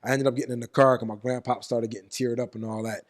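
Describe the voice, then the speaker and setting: A man rattles through a story at a quick clip as an interview guest. He swears freely and slips into other people's voices to act out the moment. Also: mid-range voice. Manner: animated, profane, acts out quotes.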